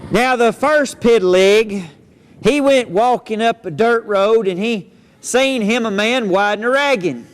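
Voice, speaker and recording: A man's voice: high-pitched, a little slow. A man, a cowboy storyteller reciting poems and tales for children in a folksy, playful drawl. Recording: long hall reverb.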